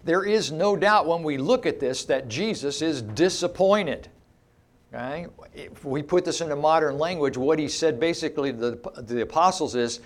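A man's voice: on the high side, moderate pace. A middle-aged man preaching an expository sermon, teaching emphatically and asking rhetorical questions of his listeners.

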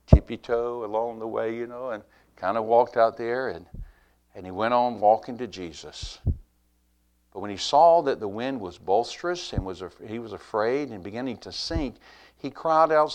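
A middle-aged man from Alabama, preaching a sermon in a folksy, animated way that swings between loud and hushed. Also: medium pitch.

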